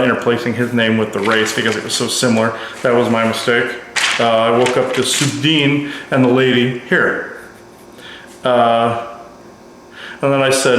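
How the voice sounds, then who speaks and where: A man recounting a personal experience in a casual, halting, rambling way with many restarts. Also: medium pitch, a bit bright, a little hiss or hum. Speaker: narrator of contact experiences. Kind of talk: casual spoken account. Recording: very echoey room.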